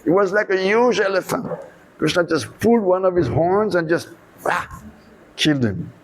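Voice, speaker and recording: A monk preacher telling a devotional story in an animated sermon, acting out the dialogue. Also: male voice, high voice, moderate pace, poor audio.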